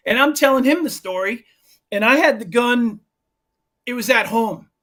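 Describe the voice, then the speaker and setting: A man's voice: very high-pitched, normal speed. A man who runs a gun shop and teaches firearms classes, telling a long anecdote in a casual interview with restarts and asides. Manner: animated, rambling anecdote with restarts. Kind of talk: casual storytelling in a podcast interview.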